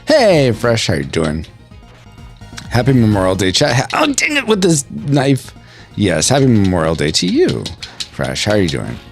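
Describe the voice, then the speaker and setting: A man's voice: fairly low pitch, unhurried, faint music behind. A man hosting a podcast stream, chatting casually and jokingly as he reads the live chat while playing a game. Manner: animated, jokey, breaks into a mock accent.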